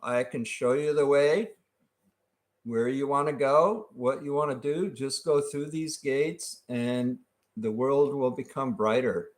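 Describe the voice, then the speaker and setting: A man voicing a solemn male Messiah figure in a made-up story, speaking slowly like a preacher. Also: medium pitch, lightly acted.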